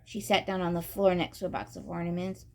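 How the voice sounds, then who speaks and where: A woman reading a children's chapter book aloud, with steady, expressive narration. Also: fairly low pitch, fairly quick, creaky. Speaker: storybook reader.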